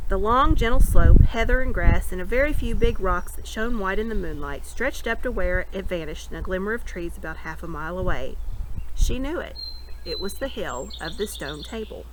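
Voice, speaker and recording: A woman reads a novel aloud, her voice rising and falling in a lively way. A faint hiss stays under her voice throughout. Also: medium pitch. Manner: expressive storytelling. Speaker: reader.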